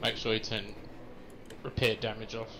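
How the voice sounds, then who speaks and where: A man racing with friends, making tired, deadpan complaints over voice chat. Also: lowish voice, normal speed, gravelly, noisy background. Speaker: fellow racer on voice chat.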